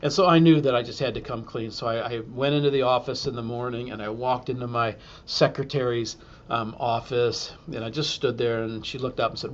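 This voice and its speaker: A man's voice: medium pitch, normal speed, lo-fi sound. A man, a school superintendent, telling a humorous self-deprecating story to an audience and acting out the quotes.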